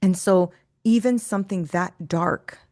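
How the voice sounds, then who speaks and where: Speaking at a measured pace with a slightly mellow voice, a faith coach appears as a podcast guest and tells stories emphatically, almost like preaching. She repeatedly says "right?" and acts out quotes with large pitch swings; the studio-quality audio has no room sound.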